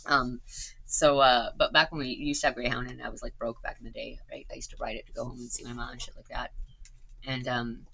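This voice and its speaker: A woman's voice: extremely low pitch, little pitch movement, fairly quick, gravelly, fairly bright tone, husky, rough recording. A woman, rambling on stream in casual chat, swearing and filling gaps with "like" and "um". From Canada. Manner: chatty, swears a lot, filler-heavy.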